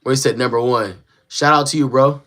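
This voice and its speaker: A man's voice: mid-range voice, steady tone, a little fast, fairly bright tone. Young man, laid-back slangy live-stream chat, talks straight to viewers, phone mic in a small home room. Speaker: livestreamer reading viewer comments.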